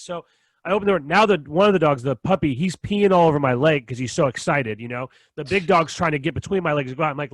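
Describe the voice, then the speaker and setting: A young man races through an animated, profane story, playing both himself and the other person in it. His voice sits a little high for a man. The mic is close and dry, with no room sound. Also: fast talker, no room sound. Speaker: podcast co-host. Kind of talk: casual storytelling chat.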